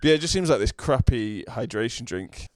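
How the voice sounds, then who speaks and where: A man's voice: medium pitch, animated, moderate pace. A man, a podcast co-host, chatting wryly and laughing easily. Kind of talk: casual chat.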